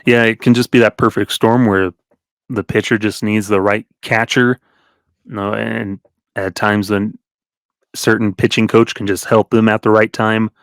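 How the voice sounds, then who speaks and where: A man talking sports with a relaxed, chatty delivery, rattling off numbers and laughing between them. His voice sits fairly low, and the recording is close and dry with no room sound. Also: normal speed, clean tone, no room sound. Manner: reels off stats, chuckles often. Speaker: podcast co-host. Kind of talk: casual sports chat.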